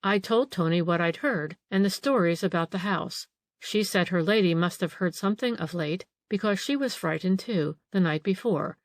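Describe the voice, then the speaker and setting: For an audiobook, a woman voices a frightened middle-aged female housekeeper who is anxious and eager to please. Her fairly low voice moves at a moderate pace and is lightly acted, recorded in clean studio sound with no echo.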